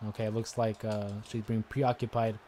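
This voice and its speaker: A man hosting a live stream, chatting casually and getting excited as he comments on a wrestling video game. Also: lowish voice, moderate pace, a little hiss or hum. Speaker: gaming livestream host. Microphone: desk microphone with headphones listeners.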